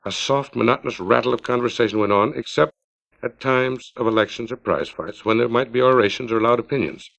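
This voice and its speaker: A middle-aged man, the author, reads his own short story aloud in a steady, unhurried storytelling manner. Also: mid-range voice, vocal fry. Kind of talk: measured literary reading. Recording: dull lo-fi 1950s LP recording.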